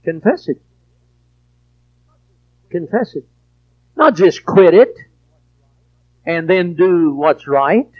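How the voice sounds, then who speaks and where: A man preaching a sermon in a high, unhurried voice. He drops low for storytelling, then rises to loud, emphatic preaching. The recording is dull and lo-fi. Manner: preachy, swings from quiet to shouted emphasis.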